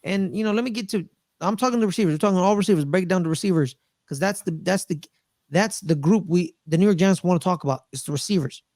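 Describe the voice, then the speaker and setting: A man co-hosting a casual sports podcast, talking excitedly and repeating phrases for emphasis. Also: high-pitched, quick pace, dry recording, studio quality. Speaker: podcast co-host.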